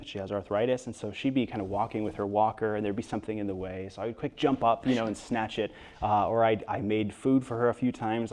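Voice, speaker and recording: A man being interviewed about his book in front of an audience, telling stories in a lively way with quick asides and frequent restarts. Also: mid-range voice. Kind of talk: storytelling interview talk before an audience. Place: event hall with an audience.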